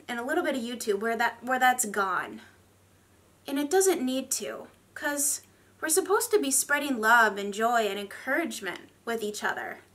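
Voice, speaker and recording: Woman beauty vlogger, bright and a touch high, candid rambly chat at home. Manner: chatty, candid, rambling with fillers. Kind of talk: casual get-ready-with-me chat.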